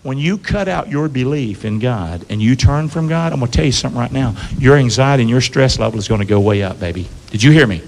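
A man's voice: medium pitch, expressive, fast talker, gravelly, few pauses, darkish tone, slight background noise. A pastor preaching a sermon to his church, calling out questions for the congregation to answer back and asking them to repeat lines. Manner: call-and-response preaching, asks congregation to repeat. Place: church sanctuary. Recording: long hall reverb.

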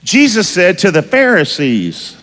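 A man's voice: high-pitched, huge pitch swings, measured pace, fairly bright tone, big-room sound. A man preaching a sermon, quizzing the congregation for call-and-response in a folksy, emphatic way.

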